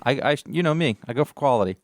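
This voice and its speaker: A man's voice: medium pitch, expressive, rapid-fire, no room sound, studio quality. A man co-hosting a podcast in casual chat, joking and self-deprecating. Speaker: podcast co-host.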